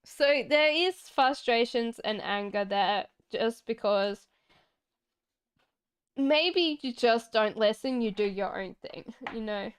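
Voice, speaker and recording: A woman's voice: on the high side, lively intonation, takes it slowly, clean tone. A woman doing a casual tarot reading on a live stream, chatty and reassuring, answering viewers from the chat and laughing often. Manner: talks straight to viewers in chat. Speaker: tarot reader.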